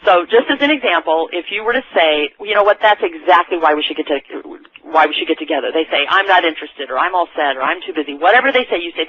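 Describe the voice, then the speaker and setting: A sales trainer delivers a recorded training talk conversationally, frequently restarting his sentences. His mid-range voice moves fast, captured in a dull, dry lo-fi recording.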